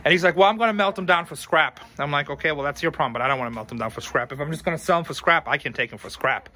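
Speaking very fast in a mid-range voice that sounds pushed and bright, a weary man who runs a thrift store chats to camera. He rambles as a vlogger, giving his viewers blunt advice.

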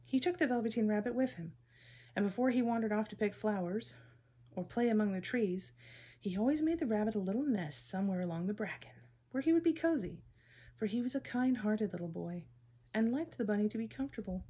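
A woman gently reading a children's story aloud in a measured way. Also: mid-range voice, animated, husky.

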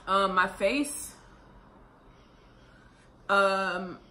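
Young woman, casual vlogger, slightly breathless, bright voice, echoey room. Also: medium pitch. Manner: chatty, rambling, fast with many fillers. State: pregnant and out of breath. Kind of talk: casual vlog talk to camera. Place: room at home, late at night. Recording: echoey room with faint ambient noise.

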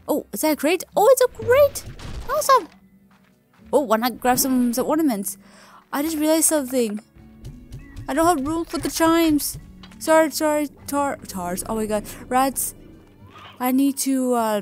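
High-voiced, excitable woman gamer, gushing commentary to viewers. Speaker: gaming video creator. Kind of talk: game commentary.

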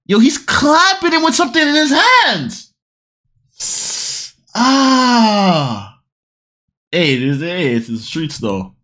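Woman, reaction host, excitable and loud, swears a lot, fairly high voice with huge swings in pitch. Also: slow, pauses often. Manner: excitable, loud, repeats phrases, swears often. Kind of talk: casual video reaction commentary.

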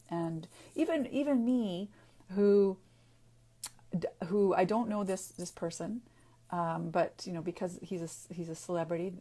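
A woman speaking off the cuff in a personal video, earnest and halting, with frequent restarts and pauses as she searches for words. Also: fairly low pitch, warm tone. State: getting emotional. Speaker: naturopathic doctor and author. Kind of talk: unscripted personal video talk.

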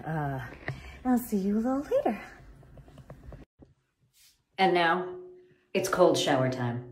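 A woman's voice: fairly low pitch, big pitch swings, takes it slowly, a little hiss or hum. A woman chatting playfully and jokingly to followers in a casual phone vlog at home. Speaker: actor taking over a social media account. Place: at home, garden and office. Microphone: phone at arm's length.

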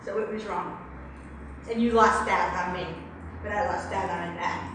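A middle-aged woman in an emotional tapping exercise, speaking haltingly and repeating phrases back in anger. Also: fairly low pitch, steady tone. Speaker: workshop volunteer. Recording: echoey room, distant mic, some noise.

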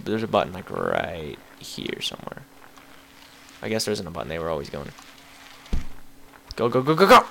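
A young man commentating on a game he plays, excitable, yelping and apologizing to the characters. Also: deep voice, moderate pace, gravelly, long pauses, background noise. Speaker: gameplay commentator. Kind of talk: casual gaming commentary.

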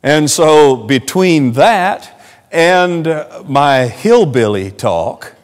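A pastor from West Virginia with a West Virginia Southern accent and an Amish German first language, preaching a sermon in an earnest, homespun way. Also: male voice, fairly high pitch, animated, drawn-out words. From West Virginia, USA. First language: Amish dialect of German. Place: church sanctuary. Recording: long reverb of a church hall.

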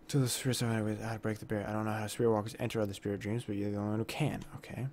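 Jumpy gamer guy, lowish voice. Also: level tone, racing, few pauses, background noise. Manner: jumpy, exclaims with minced oaths; reads game dialogue aloud. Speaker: gaming YouTuber. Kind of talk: let's play commentary.

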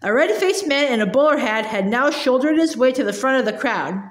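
A woman reading a children's novel aloud in a lively way, voicing its characters. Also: sits high, a little fast, reverberant, a little hiss or hum. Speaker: audiobook reader.

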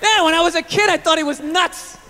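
A man's voice: extremely high pitch, a little fast, background noise. A male stand-up comedian in a profane, ranting routine, acting out mocking voices for the people in his stories. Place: stage clip played inside a reaction video.

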